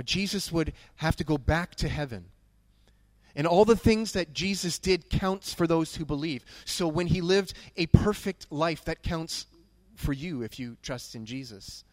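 A pastor preaches a sermon in a fairly high man's voice, earnest and emphatic. He repeats his key phrases. The sound is dry and close. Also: no echo.

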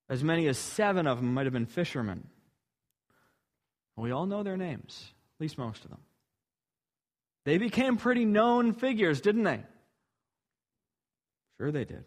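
A man's voice: on the high side, expressive, measured pace, long pauses. A man preaching a sermon, earnest and emphatic, building to rhetorical questions.

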